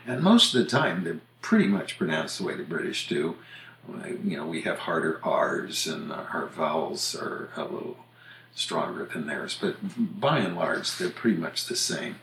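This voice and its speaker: A man hosting a podcast about language, chatting casually and walking through examples one by one in a relaxed, explanatory way. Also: extremely low pitch, normal speed, gravelly, slight background noise. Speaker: podcast host discussing language usage. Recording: roomy echo.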